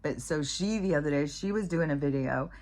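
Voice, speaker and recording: A middle-aged woman with a low voice talks casually on her own channel. She rambles from one odd story to the next, laughing often and acting out the voices of the people in them. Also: a little fast. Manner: chatty, animated, laughs often, acts out quoted voices. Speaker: vlogger.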